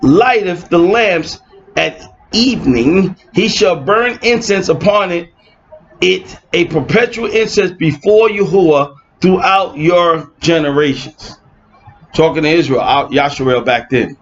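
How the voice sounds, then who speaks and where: A man's voice: fairly high pitch, measured pace. Sarcastic man teaching scripture, lo-fi. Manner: reads verses aloud, then mocks opponents with sarcastic asides. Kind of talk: informal online Bible teaching. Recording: dull lo-fi recording.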